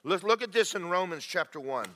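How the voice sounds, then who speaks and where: A middle-aged man preaching a folksy sermon. His voice is bright and fairly high, and his pitch swings widely as he moves from homespun stories into fervent prayer. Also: animated, a little fast. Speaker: pastor.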